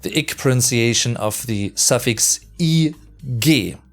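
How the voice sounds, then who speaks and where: A man's voice: medium pitch, soft background music. German-accented man explaining language. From Sauerland, Germany. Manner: explanatory, enunciates German words slowly. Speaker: host. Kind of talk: language analysis commentary.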